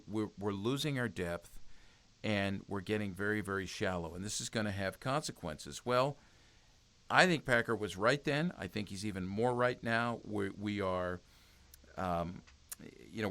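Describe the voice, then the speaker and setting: A man's voice: on the low side, fairly bright tone. A man speaking as a guest in a conversational interview, earnest and exhortative, often restarting his sentences. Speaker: podcast guest, youth ministry speaker.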